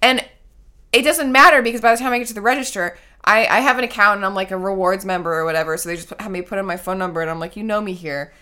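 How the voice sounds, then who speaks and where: A woman's voice: medium pitch, steady tone, rapid-fire, sharp tone. A young woman co-hosting a podcast in casual chat, teasing playfully and laughing often. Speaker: podcast co-host.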